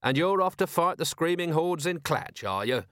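Man doing a dry sarcastic watch commander, weary, lively inflection, dead-dry recording. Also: on the high side, normal speed, no room sound, pitched above the performer's own voice. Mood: dry sardonic. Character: weary sardonic middle-aged male police commander.

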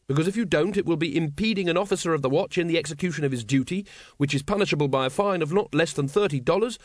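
A man's voice: a little high, fast, no room sound, clean studio sound, voice pushed up, lightly acted. A man voicing a huge, earnest young constable who politely recites the law in an audiobook. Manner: earnest, dutiful, reciting rules.

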